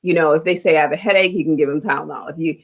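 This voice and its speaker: Low-voiced woman hosting a talk show. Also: rapid-fire, creaky. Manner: conversational, empathetic, emphatic asides. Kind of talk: casual interview chat.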